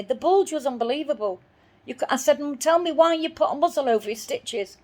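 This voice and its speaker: In a high voice, a woman rattles off a personal story at speed, sounding indignant. She keeps repeating herself while replaying what she argued.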